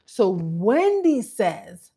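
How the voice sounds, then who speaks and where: A woman hosting a casual reality TV recap, her pitch rising and falling as she tells the story. She talks animatedly and acts out what each person said along the way. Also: extremely slow, slightly rough. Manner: animated storytelling, mimicking quotes. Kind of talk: casual commentary.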